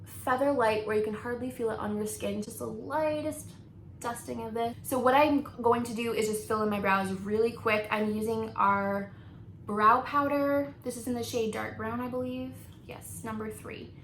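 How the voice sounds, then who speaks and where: A woman's voice: on the high side, steady tone, normal speed, a bit bright. A woman in her thirties, a beauty vlogger chatting through a story while doing her makeup, laughing often and peppering her talk with likes and ums. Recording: echoey room with faint noise.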